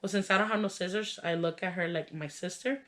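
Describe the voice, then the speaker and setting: A woman's voice: on the low side, a little fast, a bit bright. A young adult woman vlogger telling a funny childhood story in a casual, chatty way, full of "like" and "you know" fillers. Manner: laughs while telling the story.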